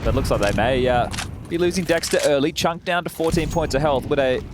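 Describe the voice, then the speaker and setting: A man's voice: on the high side, brisk, noisy background. A male esports caster trading playful, teasing banter while commentating. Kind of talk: color commentary. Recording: game gunfire and clicks under the commentary.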